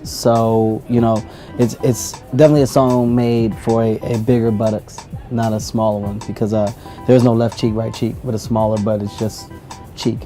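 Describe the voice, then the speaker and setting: A man giving a deadpan, mock-serious interview answer in a comedy bit. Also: lowish voice, normal speed, soft background music. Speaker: interview guest.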